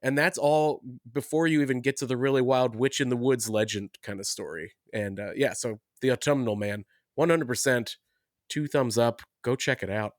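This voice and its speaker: A man's voice: medium pitch, normal speed, dry recording, clean studio sound. A man on a casual comics podcast, enthusiastically recommending a book. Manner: enthusiastic, laughing. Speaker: podcast guest.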